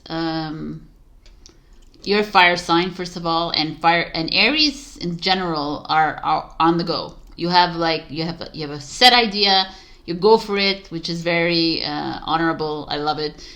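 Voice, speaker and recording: A woman reads tarot for her viewers in a loose, chatty way, laughing off her own stumbles. Her voice sits a little low for a woman. She talks straight to her audience, easy and unscripted. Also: moderate pace, a bit bright. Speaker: tarot reader. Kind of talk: casual tarot reading monologue.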